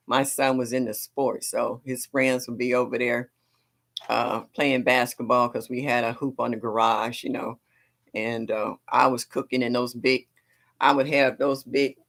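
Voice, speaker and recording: Chatty animated middle-aged woman host. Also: extremely low pitch. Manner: chatty, animated, laughs often, talks back to viewers. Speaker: gardening livestream host. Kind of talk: casual livestream chat.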